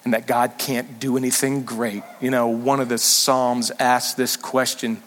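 A man preaching a sermon as senior pastor, animated and emphatic, sometimes rising suddenly loud. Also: medium pitch, measured pace, in a large hall.

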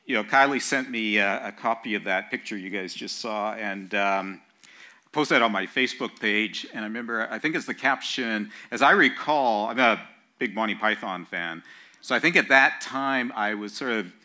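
A man who is a professor of theology, opening his talk as a guest speaker in a measured, reflective way. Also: lowish voice, bright, forceful tone. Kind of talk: lecture-style sermon opening.

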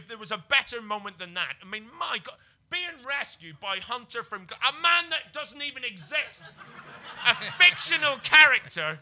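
Sex: man. Role: comedian guest. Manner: excitable comic storyteller. Tone: sharp and bright. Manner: animated, swings from low mutters to excited bursts.

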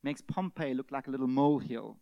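A male pastor, preaching an animated sermon in which he acts out everyday scenes with sudden shouted outbursts. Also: mid-range voice, brisk, creaky, no echo, highs cut off.

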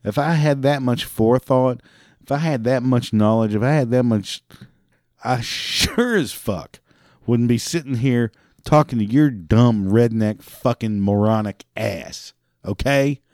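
A man's voice: medium pitch, a little slow, a little mellow, no echo, studio quality. A man who works a parts counter, ranting profanely about customer service calls and mimicking the callers. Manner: drinks beer while talking. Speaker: parts department worker. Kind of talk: ranting monologue.

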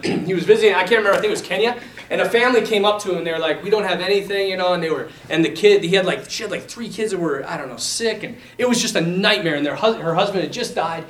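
A young man teaching a class in a lively, animated way, talking to his students as "man" and "you guys.". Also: high-pitched. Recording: echoey room, mic from a distance.

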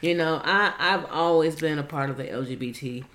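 A man in casual chat who rambles, corrects himself and throws in quick asides. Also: fairly high pitch, bright, forceful tone, slight background noise.

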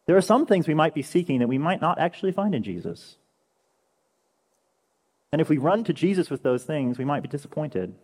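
A young man preaching a conversational sermon as a pastor, telling stories with animated energy. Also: on the high side, fairly quick, pauses often, husky. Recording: echoey hall with long reverb.

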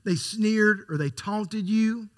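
A man preaching a sermon, emphatic, repeating key lines for stress and swinging from quiet to loud. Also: high-pitched, takes it slowly.

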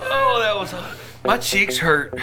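A laid-back man chatting and joking as a guest on a casual comedy podcast. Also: mid-range voice.

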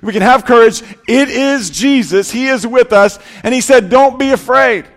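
A man with a notably high voice delivers a sermon, stacking repeated phrases for emphasis. His voice swells and then falls soft and close. A long reverb trails each phrase, as in a large church. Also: normal speed. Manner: preaching with rising and falling intensity, repetitive emphatic lists. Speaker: pastor.

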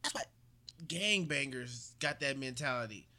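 A man's voice: medium pitch, animated, unhurried, sharp tone, a little hiss or hum. A young man co-hosting a casual podcast chat, provocative and joking, laughing often. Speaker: podcast co-host.

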